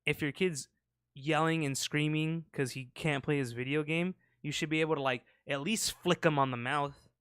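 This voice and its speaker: This podcast co-host rambles through casual, profane banter and acts out sound effects. His voice is fairly high and fairly bright, with fairly even intonation at a normal speed. The close mic gives a clean, dry studio sound.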